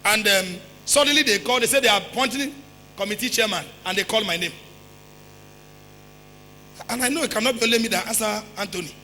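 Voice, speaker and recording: A man with a Nigerian accent preaching a sermon as pastor, emphatic, repeating phrases, firing rhetorical questions and at times breaking into shouts. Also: high voice, fast talker, long pauses, slight background noise. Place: church hall. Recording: reverberant church hall with faint music.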